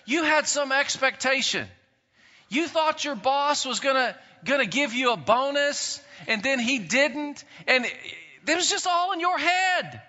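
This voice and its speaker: A pastor preaching a sermon in an animated way, acting out quotes and swinging between loud and soft. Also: male voice, extremely high pitch, a little slow. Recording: dull sound in a long-reverb hall.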